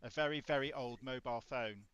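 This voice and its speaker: A man hosting a casual livestream chat, quiet on his microphone, his loudness jumping around. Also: mid-range voice, fairly quick, smooth, no echo, dull audio. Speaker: host.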